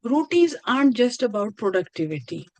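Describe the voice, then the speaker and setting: Woman, course instructor, earnest and repetitive phrasing, mid pitch, dry video-call sound. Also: very animated, moderate pace, mellow, no echo, low-quality recording. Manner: earnest, repeats and restarts phrases. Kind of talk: online lecture.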